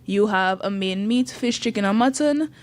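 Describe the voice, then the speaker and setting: A woman's voice: medium pitch, moderate pace, darkish tone. A woman, a youth group leader chatting on a radio show in an upbeat, laughing way. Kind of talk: casual radio chat promoting an event. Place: radio studio.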